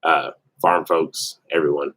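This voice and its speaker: A man in his thirties co-hosting a homestead livestream, talking in a relaxed, upbeat, chatty way. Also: rumbling low, measured pace, no echo. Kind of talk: casual livestream chat.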